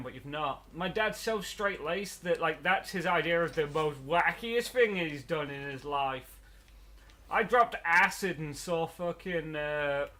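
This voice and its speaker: A let's play host chats casually while gaming, rambling through stories and laughing often. His voice is a little high with a sharp tone.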